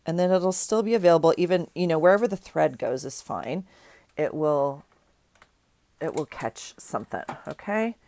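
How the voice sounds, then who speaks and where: A woman's voice: low-pitched, normal speed, dark tone, dry recording. A middle-aged woman with a stuffy nose from crying, chatting casually through a craft tutorial, rambling with frequent restarts. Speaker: crafting vlogger.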